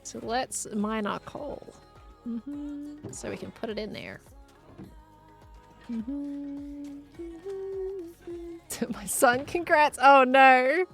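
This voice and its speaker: Casual Australian woman streamer, slightly high and a touch gravelly, with chatty, playful asides to chat. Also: extremely slow, pauses often, faint music behind. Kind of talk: casual live-stream chat while gaming.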